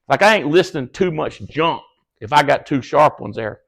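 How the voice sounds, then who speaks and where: A man's voice: fairly quick, gravelly. A man giving a casual motivational talk to his team, folksy and blunt, swearing and laughing often as he tells stories. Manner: animated storyteller, acts out quoted dialogue in high excited voices. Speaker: business leader speaking to his team. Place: cabin event room with a live audience.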